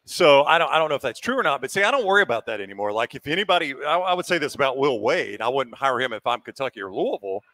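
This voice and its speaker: A man's voice: mid-range voice, sing-song, very fast, few pauses, sharp tone, no echo. A man hosting a live sports talk show from a restaurant, chatting in an opinionated, casual way. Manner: opinionated, chatty, asks pointed questions.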